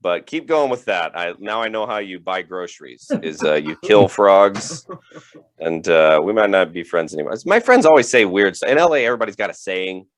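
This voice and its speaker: Male stand-up, low and animated, laughs through the punchlines. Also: moderate pace, dry recording. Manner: rambling, chuckles through his own punchlines. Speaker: stand-up comedian. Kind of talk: stand-up comedy set. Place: home setup for a virtual show.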